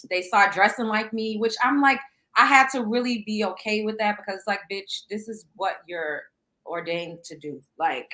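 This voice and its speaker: Young female host, bright tone, lively and loose, swears freely, laughs a lot. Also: medium pitch, poor audio. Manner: animated, laughs often, swears casually. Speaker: podcast host. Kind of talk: casual chat.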